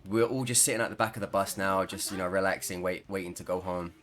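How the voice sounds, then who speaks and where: A man's voice: low-pitched, steady tone, fast talker, a bit bright. A man chatting casually over gameplay as a gaming creator, rambling and laughing mid-sentence.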